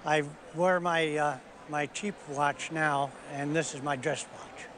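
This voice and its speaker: A man's voice: fairly high pitch, steady tone, slow. Older man in a noisy appraisal interview. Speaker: guest at an appraisal.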